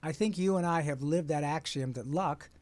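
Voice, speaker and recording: Animated storyteller man in his sixties. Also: fairly high pitch, normal speed, no room sound. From Michigan, USA. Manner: lively storyteller, slips into playful character voices. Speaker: voice actor guest.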